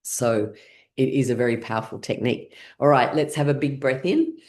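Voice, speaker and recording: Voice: medium pitch, steady tone, a little fast, a little mellow. A playful, middle-aged instructor guiding an online laughter class over a video call. They talk in an easy, upbeat way, break into laughter often, and lead the group through counts and chants.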